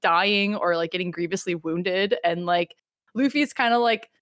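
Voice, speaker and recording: A woman's voice: on the low side, moderate pace, a bit bright, no room sound, studio quality. A woman co-hosting a casual show, retelling events with acted-out quotes and frequent swearing. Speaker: podcast co-host. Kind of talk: casual chat.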